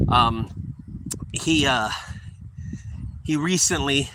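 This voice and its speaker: A man's voice: on the high side, expressive, moderate pace. Rambling middle-aged man, noisy recording. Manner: rambling and repetitive, acting out short quoted exchanges. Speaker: junk removal business owner giving advice. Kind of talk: casual advice monologue.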